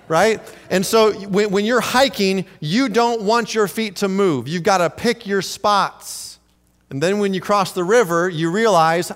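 A man with a fairly high voice preaches a sermon as a pastor, animated and storytelling with humor. His voice rings out with a long reverb, as if from a large church hall. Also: a little slow. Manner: animated storytelling with humor, acting out quoted lines.

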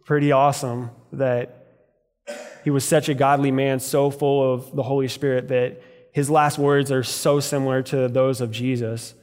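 A man's voice: medium pitch, darkish tone, in a large hall. A man preaching a sermon in a church, telling stories in a conversational way. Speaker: pastor. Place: church sanctuary.

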